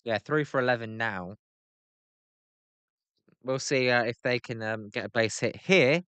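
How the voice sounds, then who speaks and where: A man's voice: medium pitch, unhurried, a bit bright, clear, resonant tone, dry recording. A British man hosting a live stream, giving casual play-by-play reaction, chatty and grumbling, answering viewers by name.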